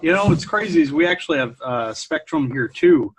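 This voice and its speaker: A man's voice: fairly high pitch, animated, brisk, a little hiss or hum. A man hosting a casual podcast interview in an easygoing way, laughing along with his guest. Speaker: podcast host.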